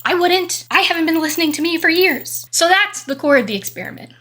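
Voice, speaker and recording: A woman's voice: very high-pitched, expressive, a little fast, sharp tone. A woman giving a monologue rant, talking emphatically and a bit aggressively, swearing freely. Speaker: vlogger.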